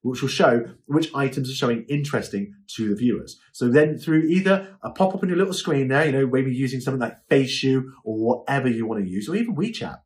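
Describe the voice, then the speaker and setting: A man's voice: mid-range voice, expressive, fast, hardly any pauses, a little mellow. A man giving a chatty, informal lesson on livestream selling, often checking in with "okay?". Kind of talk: informal instructional talk.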